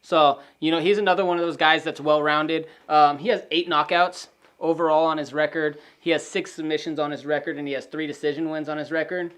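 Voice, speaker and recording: A man co-hosting a casual podcast, running through fighter stats in a steady listing manner. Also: a little high, a little fast, clean tone. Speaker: podcast co-host. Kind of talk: casual sports prediction chat.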